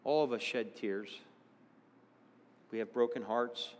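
A man preaching a sermon, earnest, moving between hushed tones and excited exclamations. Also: medium pitch, slow pace, long reverb tail.

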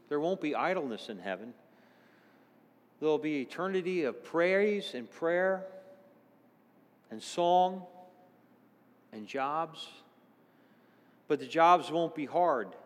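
Male preacher, fairly high voice, earnest sermon delivery, drops soft then lifts to excited calls, long church reverb. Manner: earnest, swings between hushed and exclaiming.

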